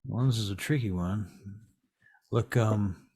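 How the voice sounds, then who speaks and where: A man voicing a calm, helpful male vampire occultist in a tabletop role-play, easygoing and hesitant, with drawn-out "um"s. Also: fairly low pitch, husky. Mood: concerned.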